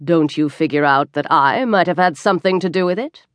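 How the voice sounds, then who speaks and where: A woman's voice: low voice, a little fast, dry recording, close to an everyday voice. A woman voicing a sly, down-and-out adult male vagrant who talks in a sarcastic, mock-polite way. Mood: sardonic. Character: sly down-and-out New York bum, adult man.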